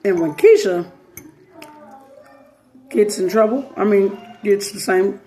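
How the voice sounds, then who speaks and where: Animated slangy woman telling a story. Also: mid-range voice, slow, long pauses, faint music behind. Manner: animated, slangy, acts out quoted voices. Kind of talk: casual storytelling commentary.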